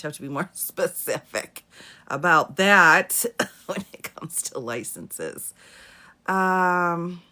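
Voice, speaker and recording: A fairly low-voiced woman chats through a live stream from home, her pitch swinging widely as she laughs often and greets viewers by name. She answers legal questions in a loose, casual way. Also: fairly bright tone. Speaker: attorney hosting a live Q&A. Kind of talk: casual live-stream chat reading comments. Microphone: phone or webcam for a live stream.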